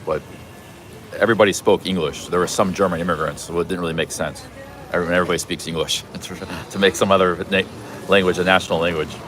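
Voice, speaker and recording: Deep-voiced man rambling on a city street. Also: fairly even intonation, fast, over music. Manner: rambling, chatty, many restarts. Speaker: travel vlogger live-streaming. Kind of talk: casual walking live stream. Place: busy city street outdoors.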